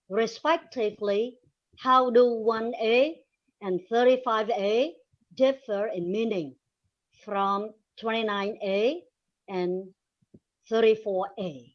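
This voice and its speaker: A woman whose first language is Vietnamese, presenting a linguistics webinar in slow, deliberate reading with pauses. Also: on the high side. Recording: dull lo-fi recording.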